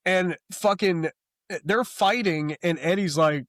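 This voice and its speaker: Young guy on a comics podcast, swears a lot, gets worked up, kinda high voice, dry close sound. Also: a little slow, no echo. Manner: animated, profane, mocks characters in quoted asides. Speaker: podcast co-host. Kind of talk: casual comic book chat.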